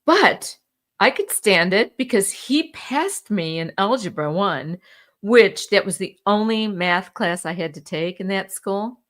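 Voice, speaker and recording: A woman co-hosting a casual chat show talks candidly and swears freely, and she laughs often. Her voice sits at a middle pitch. She is heard over a video call. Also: animated, measured pace, a bit bright. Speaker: podcast co-host.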